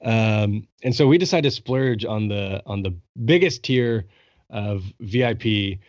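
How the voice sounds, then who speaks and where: A young man hosting a podcast, telling a long story in an excited, casual way and swearing freely. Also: on the low side, measured pace, no room sound, dull audio. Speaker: podcast host. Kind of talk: casual chat.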